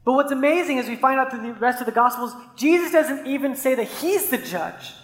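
A man's voice: very high-pitched, animated, brisk, fairly bright tone. Male pastor, conversational sermon, storytelling, long hall reverb, roomy sound. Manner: conversational preaching with stories, frequent "right?".

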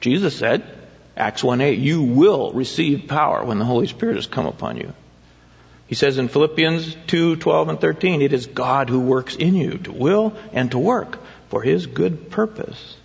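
A man's voice: medium pitch, sing-song, moderate pace, gravelly. A man preaching a sermon in a conversational way, often putting questions to his listeners. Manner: conversational, asks the congregation questions. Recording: dull sound with long hall reverb.

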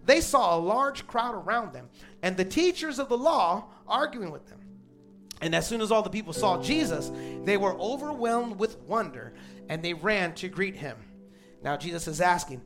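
A man's voice: sits high, very animated, a little fast, a bit bright, soft background music. A man preaching a sermon to a church crowd in a conversational way, with asides to the congregation. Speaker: pastor.

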